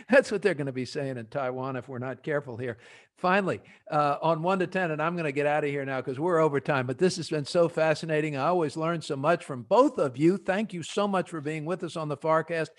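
A man with a New Jersey accent hosting a podcast panel, animated and joking as he prods his guests with quick questions. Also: on the high side. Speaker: podcast host. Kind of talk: casual panel discussion.

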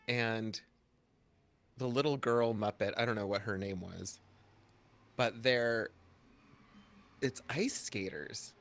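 A podcast co-host chats casually, telling a story with lots of animation. He acts out quotes in high voices and laughs often, and there's no echo on the recording.

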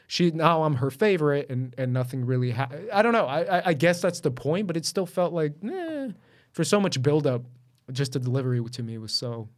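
A young man co-hosting a podcast, chatting casually and joking with a friend, laughing often. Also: mid-range voice. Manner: animated, jokey, laughs often. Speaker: podcast co-host. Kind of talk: casual chat.

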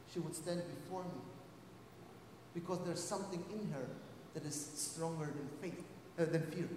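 A man preaching a sermon to a live audience, moving from loud calls to hushed storytelling. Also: high-pitched, a little hiss or hum. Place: large hall. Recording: echoey hall from a distance.

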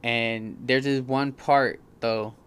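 A young man casually reviewing movies in a slangy, animated way, swearing freely. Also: mid-range voice, slow, clear, resonant tone. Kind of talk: casual profane chat.

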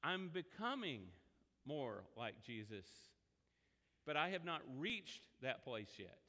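Guy preaching in a church, high bright voice, big hall reverb, chatty storytelling. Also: slow pace. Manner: conversational storytelling, animated pitch swings. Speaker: pastor. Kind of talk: sermon.

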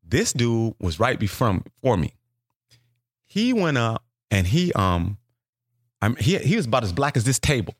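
A male comedian spinning a raunchy story with a lively, swooping voice that shoots high whenever he acts out someone else. The sound is close and dry, with no room around it, and the telling has a loose, conversational feel. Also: a little slow, no room sound. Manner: animated, profane, acts out quotes with big pitch jumps. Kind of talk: casual storytelling.

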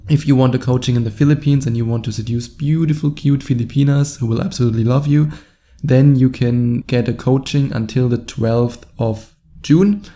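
A man's voice: mid-range voice, warm tone. A man with a German accent, a dating coach talking in a casual, rambling monologue and laughing between phrases.

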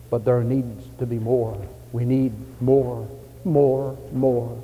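A man preaching a sermon in a church, in an old-fashioned revival cadence, rising to loud fervent cries and dropping to soft pleas. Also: medium pitch, steady tone, measured pace, big-room sound, narrow, tinny audio. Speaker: pastor. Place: church sanctuary.

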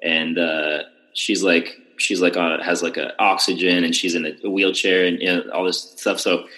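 A man's voice: low-pitched, flat delivery, normal speed, sharp tone, low-quality recording. A young man hosting a podcast, telling a long story in casual chat with lots of restarts and fillers. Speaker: podcast host.

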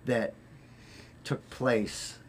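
A man with a Boston accent, speaking at an everyday pitch, recounts old memories in a loose, rambling way with plenty of ums and restarts. His casual interview talk carries a faint hiss of background noise. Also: steady tone, drawn-out words. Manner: rambling, anecdotal, many fillers and restarts. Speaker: guest, former Olympic figure skater.

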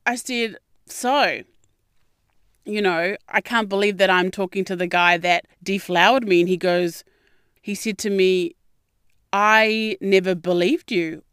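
A young adult woman, hosting a podcast and telling a personal story in a candid, expressive way, swearing freely and acting out quotes. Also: mid-range voice, measured pace, smooth, no echo, clean studio sound. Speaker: podcast host. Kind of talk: casual storytelling monologue.

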